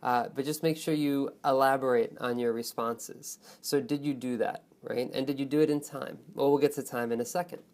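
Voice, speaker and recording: Expressive man teaching a speaking lesson. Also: mid-range voice, moderate pace, few pauses. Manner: expressive, stretches key words for emphasis; friendly, often checks in with "right?" and "okay?". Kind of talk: online lesson on test speaking.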